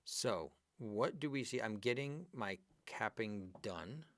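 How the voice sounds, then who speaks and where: A man teaching an English grammar class live, going over exercises and praising his students by name in a lively, chatty way. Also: lowish voice, slow pace, no room sound.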